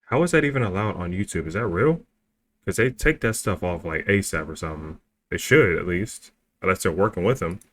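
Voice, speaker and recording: A man casually reacting to a story video with quick, joking interjections. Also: deep voice, animated, fairly bright tone, slight background noise.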